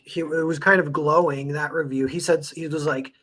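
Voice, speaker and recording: Young male co-host, slightly high voice, meandering chat. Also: steady tone, fairly quick, a bit bright. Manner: rambling, full of "like" and restarts. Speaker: podcast co-host, comics artist. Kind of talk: casual chat.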